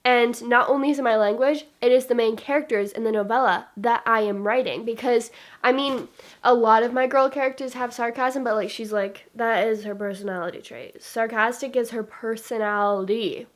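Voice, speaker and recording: A young woman with a fairly high voice talks to the camera in a book vlog. She is chatty and bubbly and wanders from topic to topic. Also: fairly even intonation, moderate pace. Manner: bubbly and chatty, drifts off topic, reads aloud with emotion. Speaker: book vlogger. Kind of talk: casual chat to camera.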